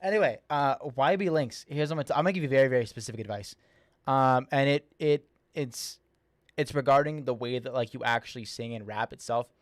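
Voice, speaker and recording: A man's voice: mid-range voice, a little fast, no room sound, studio quality. A young man hosting a livestream, giving casual, rambling feedback on a submitted song with lots of fillers and repeated words, slightly slurred S's. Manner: says he slurs his S's a little. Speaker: livestream host reviewing music submissions.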